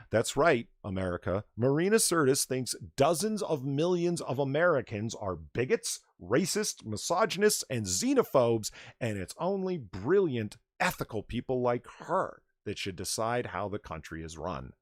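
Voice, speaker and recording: Sarcastic animated male stream host. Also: mid-range voice, moderate pace, few pauses, dry recording, studio quality. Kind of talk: casual livestream chat.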